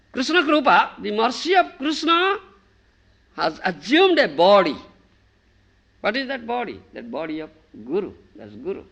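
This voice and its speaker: Emphatic male preacher giving a devotional sermon, gravelly, animated delivery. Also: sits high. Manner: emphatic, keeps asking if listeners understand. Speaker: spiritual teacher.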